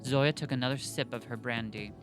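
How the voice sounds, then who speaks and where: Excitable rambling male podcast host. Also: mid-range voice, fairly quick, faint music behind. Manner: excitable, rambling, full of fillers. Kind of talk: casual podcast chat.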